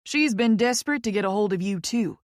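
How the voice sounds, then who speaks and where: A woman's voice: mid-range voice, expressive, a little fast, no echo, studio quality, lightly acted. A woman voicing a small older lawyer man with a thick Kentucky drawl who calls people honey. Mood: folksy. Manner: folksy, calls her honey.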